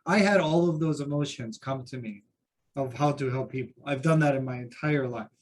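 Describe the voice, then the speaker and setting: A man's voice: medium pitch, fairly quick. A man who teaches Buddhism, sharing anecdotes with self-deprecating humor in a group discussion at a seminar.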